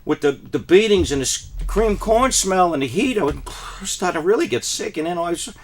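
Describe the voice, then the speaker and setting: A man's voice: lively intonation, fairly quick. Man telling a rambling mock-tragic story. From New Jersey. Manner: rambling, swings into high frantic pleas. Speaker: comic storyteller. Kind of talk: deadpan parody monologue.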